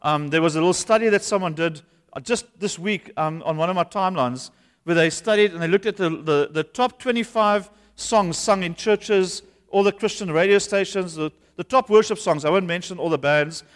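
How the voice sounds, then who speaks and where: A man's voice: high voice, normal speed, smooth. A man, a pastor preaching an earnest, conversational sermon in a church. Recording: long hall reverb.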